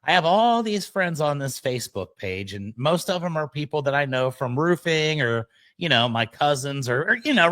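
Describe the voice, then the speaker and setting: A man hosting a podcast, telling a personal story at an unhurried pace. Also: fairly high pitch, sharp tone, no echo. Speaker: podcast host.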